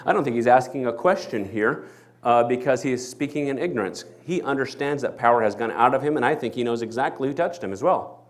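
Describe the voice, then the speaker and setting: In a church, a male pastor with a medium-pitched voice preaches a sermon fast. He is animated and acts out the people in the story as he goes.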